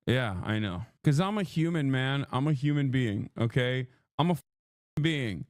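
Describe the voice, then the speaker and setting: A man's voice: medium pitch, expressive, measured pace, no room sound. Exasperated ranting streamer man, dry sound. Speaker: political livestreamer. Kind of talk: heated livestream rant. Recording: played clip inside a reaction stream.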